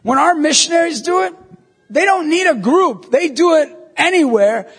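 A Catholic evangelist man giving an animated storytelling sermon, acting out dialogue with emphatic bursts. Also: very high voice, normal speed, creaky, long reverb tail.

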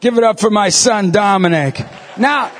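High, gravelly man in a reverberant hall. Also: moderate pace. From New York State. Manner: animated, jokey, acts out voices and quotes. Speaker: Catholic lay minister. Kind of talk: humorous talk to a live audience.

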